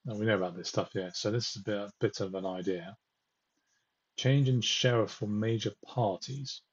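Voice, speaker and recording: A man's voice: on the low side, normal speed, breathy edge, muffled recording. Exasperated man ranting on a livestream. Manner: ranting, exasperated, talks to viewers while reading results. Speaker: political livestream host. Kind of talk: live commentary on election results.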